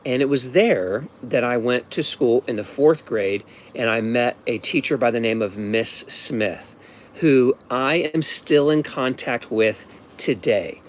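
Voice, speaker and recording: At a slow pace, the fifty-something man from Ohio, USA, recounts something from his own life at home in a loose, rambling way full of restarts and asides. His voice is mid-range, with faint hiss or hum on the recording.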